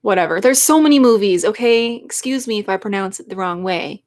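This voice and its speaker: A woman's voice: medium pitch, animated, fairly quick, darkish tone. Give me a young woman rambling emotionally in a casual live stream chat, with an ordinary mid-range voice. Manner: emotional, rambling fan talk. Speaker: YouTuber.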